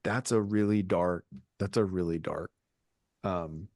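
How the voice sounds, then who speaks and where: Man co-host, lower voice, jokey rambling anecdotes, dry booth sound. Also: steady tone, unhurried, darkish tone, no room sound. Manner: rambling storyteller, self-mocking. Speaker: podcast co-host. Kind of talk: casual comedic chat.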